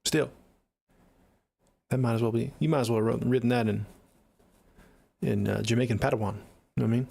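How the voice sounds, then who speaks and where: A young music producer with a Seattle accent answers viewer comments on his livestream in a laid-back, joking, profane way. His ordinary-pitched voice is gravelly and creaky with a dark, steady tone, and he talks fairly quickly but leaves long pauses.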